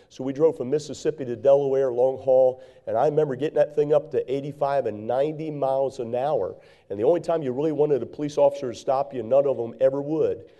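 A man's voice: medium pitch, dark tone, dull audio. A man in his sixties preaching a sermon, telling a personal story in a folksy way with repeated phrases, then building to fervent exhortation.

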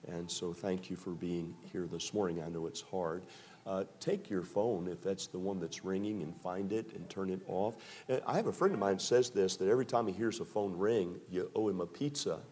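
A man's voice: low-pitched, moderate pace, darkish tone, a little hiss or hum. A man preaching a sermon as pastor, folksy joking asides that build into emphatic preaching.

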